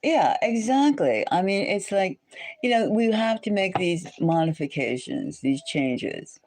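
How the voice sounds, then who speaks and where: A woman's voice: fairly low pitch, a little slow, a little mellow. A woman hosting a live stream, chatting casually with viewers in a rambling way and repeating phrases over and over.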